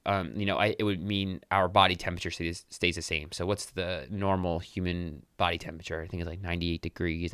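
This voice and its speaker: Young man, solo podcast host, rambling casual delivery, smooth lowish voice, dry close mic. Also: fairly bright tone, dry recording. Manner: rambling, self-correcting, swears casually.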